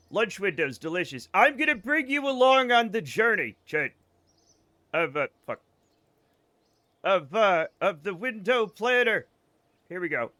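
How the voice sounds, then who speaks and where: A man's voice: high voice, bright, forceful tone, dry recording. A man with a faded Boston accent, joking and swearing through casual gameplay commentary on a live stream and laughing often. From Boston area.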